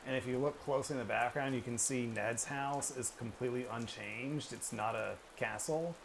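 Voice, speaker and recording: A man's voice: mid-range voice, moderate pace, creaky, noisy background. A man hosting a casual podcast chat, steering the talk and putting questions to his co-hosts. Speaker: podcast host.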